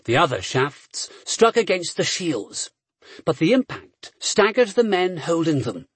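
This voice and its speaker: A man's voice: on the high side, very animated, a little slow, fairly bright tone, husky, dry recording. A man reading a story aloud as an audiobook narrator with a dramatic, varied delivery.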